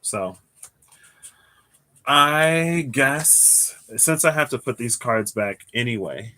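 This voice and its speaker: A man giving a casual livestream tarot reading, thinking aloud in a rambling way with restarts and soft chuckles. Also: mid-range voice, animated, slow pace, no echo. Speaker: tarot reader.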